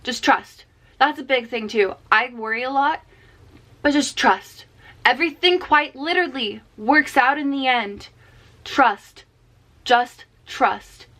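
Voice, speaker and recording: A woman's voice: sits high, takes it slowly, bright, forceful tone. A young woman vlogging to camera, giving a casual, earnest pep talk full of "like" fillers. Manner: chatty, frequent "like" fillers, earnest.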